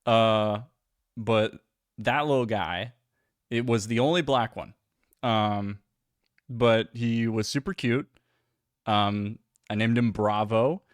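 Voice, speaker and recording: Young dude chatting on stream, rambly and self-deprecating, says like a lot, dry sound with no room. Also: male voice, lowish voice, takes it slowly, long pauses, dry recording. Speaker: livestream host. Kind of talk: casual chat.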